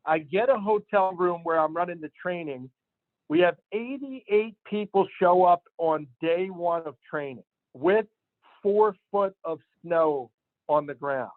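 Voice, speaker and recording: A man, a sales division manager, telling an emphatic, animated motivational story to his team. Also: a little high, no room sound. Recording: tinny phone-line sound, dry.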